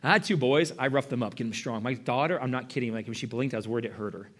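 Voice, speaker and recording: A middle-aged man preaching a sermon in a church, moving between loud passion and hushed whispers. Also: mid-range voice, quick pace.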